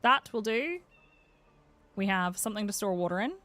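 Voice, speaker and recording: Lively chatty Northern Irish woman streamer. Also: medium pitch, normal speed. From Northern Ireland. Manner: chatty and self-mocking, answers chat, laughs often. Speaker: game streamer. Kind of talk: casual live-stream chat while playing.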